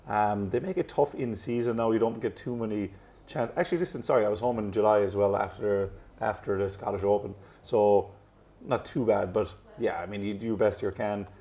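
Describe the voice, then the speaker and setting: Low mellow Irishman, rambling chat. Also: fairly quick. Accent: Irish with some American drift. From Ireland. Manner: rambling, self-correcting, chuckles at himself. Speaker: professional golfer, guest. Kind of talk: casual interview chat.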